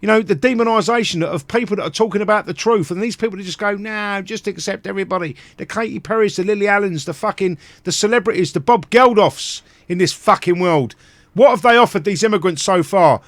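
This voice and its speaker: High-pitched man, British accent, angry swearing rant, dry mic. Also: fast talker, no echo. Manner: angry, profane ranting. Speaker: live stream host. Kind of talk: livestream rant.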